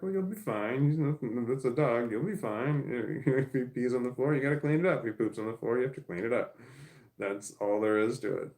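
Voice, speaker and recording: Middle-aged man, gravelly and lowish, rambling casual vlog storytelling with frequent swearing. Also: poor audio. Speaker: vlogger.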